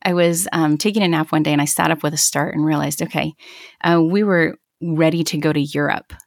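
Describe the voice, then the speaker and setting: A woman in her thirties tells her own story as an interview guest. Her voice sits low with a gravelly fry, and she speaks earnestly and reflectively, circling back to restart her thoughts. The sound is dry and close. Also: fairly even intonation, brisk, no room sound. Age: 30s. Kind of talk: personal testimony in an interview.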